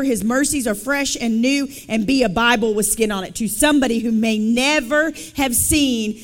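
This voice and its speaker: A woman speaking at a church service, telling her testimony as an author and guest speaker in a lively, conversational, emphatic storytelling way. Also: high-pitched.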